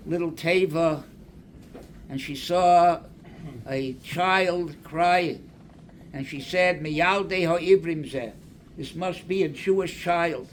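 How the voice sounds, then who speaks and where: Older rabbi preaching real slow, kinda high voice, little hiss behind. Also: male voice. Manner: slow, deliberate, mixing Hebrew and Aramaic quotes with English. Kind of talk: sermon.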